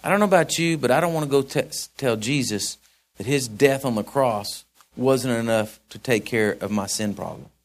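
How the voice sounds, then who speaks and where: A man preaching a sermon in a folksy, conversational way that swells into emphatic, shouted points. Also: medium pitch, moderate pace. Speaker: pastor.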